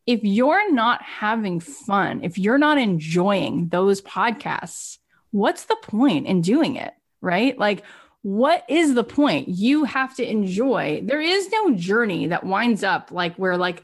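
A woman's voice: mid-range voice, very animated, takes it slowly. A woman business coach on a group coaching call, talking emphatically and repeating rhetorical questions.

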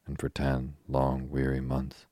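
A man's voice: a bass voice, monotone, measured pace, warm tone, dry recording, clean studio sound. A man reading as a glum, rueful young ex-soldier. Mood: gloomy. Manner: glum and self-deprecating.

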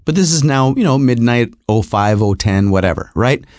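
Lively man telling a personal story. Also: medium pitch, normal speed, no echo, studio quality. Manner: animated, repetitive, self-mocking.

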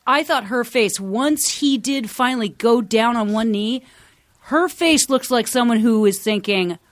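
A woman's voice: on the high side, unhurried, dry recording, clean studio sound. Wry, blunt woman podcast guest. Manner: blunt, wry commentary with swearing. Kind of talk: casual chat.

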